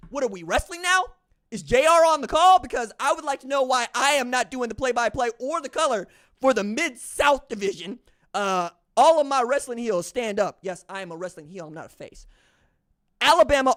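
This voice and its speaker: A man's voice: extremely high pitch, fairly bright tone. A man hosting a sports podcast, delivering opinionated commentary as an incredulous, mocking rant. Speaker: podcast host.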